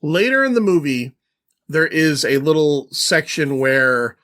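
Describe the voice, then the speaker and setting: A man co-hosting a podcast, relaxed and asking questions about a film, swearing now and then. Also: on the high side, unhurried. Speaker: podcast co-host. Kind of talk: casual film discussion.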